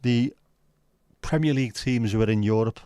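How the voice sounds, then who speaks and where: A man's voice: mid-range voice, moderate pace, mellow, no room sound. A man hosting a livestream, chatting casually with his viewers in banter full of swearing. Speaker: livestream host. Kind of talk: casual chat with live viewers.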